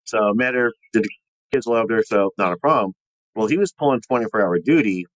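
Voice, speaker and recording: A man, a podcast guest and former soldier, telling his ghost stories in a rambling, animated way and acting out the voices of the people in them. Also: lowish voice, a little fast, no echo, low-quality recording. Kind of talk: casual storytelling of personal ghost stories.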